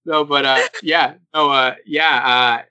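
A young man hosting a casual podcast chat, animated and laughing, acting out the people he quotes. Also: mid-range voice, takes it slowly, clear, resonant tone, no echo, lo-fi sound. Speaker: podcast host.

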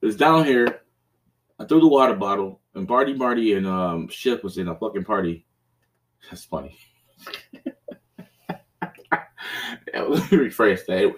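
A man's voice: on the low side, far from the mic. A man hosting a podcast in casual chat, rambling and profane, laughing often and acting out his own outbursts. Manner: acts out his own raging outbursts loudly. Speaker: podcast host.

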